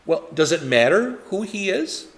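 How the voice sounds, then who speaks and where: A man's voice: high voice, sing-song, measured pace, big-room sound. Chatty male pastor teaching Bible study. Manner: chatty, rhetorical questions, frequent fillers.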